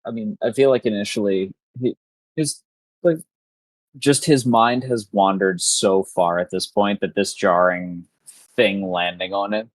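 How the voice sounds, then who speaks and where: A man playing a tabletop game, describing his character in a halting, rambling way. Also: lowish voice, fairly even intonation, no echo. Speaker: player.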